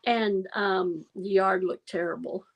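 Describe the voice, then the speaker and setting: A woman's voice: mid-range voice, steady tone, slow pace, husky, rough recording. A woman hosting a casual livestream, telling rambling stories and laughing often as she chats with viewers. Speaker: livestream host. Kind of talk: casual chat.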